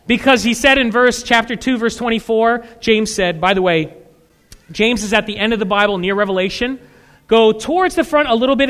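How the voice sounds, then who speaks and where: High, bright-voiced male preacher in a big hall. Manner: animated preaching, voice leaping high and loud to act out voices of churchgoers. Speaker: pastor. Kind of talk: sermon. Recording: echoey hall with long reverb.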